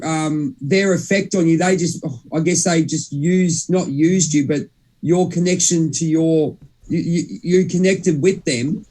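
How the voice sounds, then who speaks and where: This young podcast co-host's voice is fairly high with a darkish tone. During the casual spiritual chat he meanders, interrupts his own sentences, and swears mildly.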